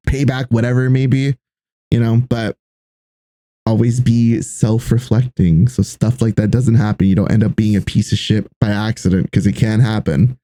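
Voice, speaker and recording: Young male co-host, mellow tone, dry close sound, loose candid rambling. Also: medium pitch, dry recording. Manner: candid, rambling with fillers and restarts. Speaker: podcast co-host. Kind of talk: casual podcast chat.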